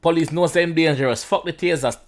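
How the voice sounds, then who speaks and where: A young Jamaican man with a Jamaican accent, talking through a song in a casual, chatty way. His voice sits a touch high for a man. He repeats himself often and drifts in and out of patois. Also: quick pace. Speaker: reaction channel host.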